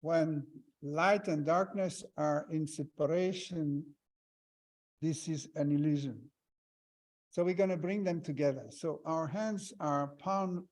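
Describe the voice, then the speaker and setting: A man with a fairly high voice leads a breathwork and meditation session. He talks slowly, giving calm step-by-step cues with slightly non-native phrasing. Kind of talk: guided breathing exercise instruction.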